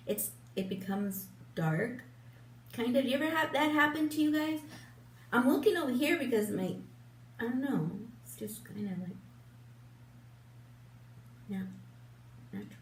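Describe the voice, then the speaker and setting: An older woman chatting casually while doing her makeup, rambling, with lots of fillers, restarts and laughs. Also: on the high side. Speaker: beauty vlogger. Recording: roomy, distant mic, faint hum.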